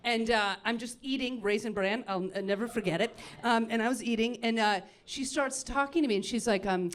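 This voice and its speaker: A woman comedian on a comedy club stage, telling a personal story in an animated way, with many fillers and acted-out asides. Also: fairly high pitch, fairly quick. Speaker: stand-up comedian.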